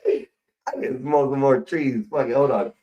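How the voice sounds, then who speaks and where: A man's voice: mid-range voice, moderate pace, warm tone, recorded from a distance, dull audio. A middle-aged man, rambling profanely and casually to his livestream audience. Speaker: livestream host.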